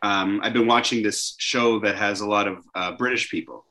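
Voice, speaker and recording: Bright-voiced man hosting a talk show. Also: lowish voice, normal speed. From Canada. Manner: animated, chatty, many restarts. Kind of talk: casual conversation.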